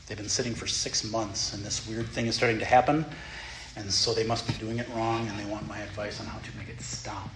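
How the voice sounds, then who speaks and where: A man's voice: lowish voice, level tone, fairly quick, a bit bright, a little hiss or hum. A man, a Zen teacher, gives a playful, self-mocking dharma talk in the meditation hall of a Zen center. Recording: echoey hall, faint ambience.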